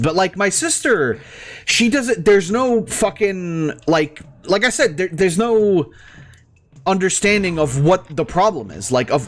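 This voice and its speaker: A man with a slightly high voice rants heatedly in casual talk during a game, against slight background noise. The gaming streamer is exasperated, swears heavily, and restarts his sentences in stammers.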